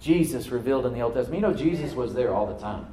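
A man preaching to a congregation, reading scripture aloud and then dropping to a soft voice to stress a point, calling for responses from the room. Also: mid-range voice, animated, rapid-fire, echoey room, crowd noise, low-quality recording. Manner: asks the congregation to answer back. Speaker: pastor. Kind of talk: sermon. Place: church service with a live congregation.

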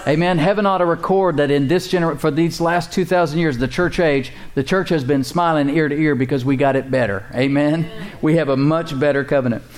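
Preaching as pastor with a voice on the high side, he calls out to his congregation and repeats key phrases slowly.

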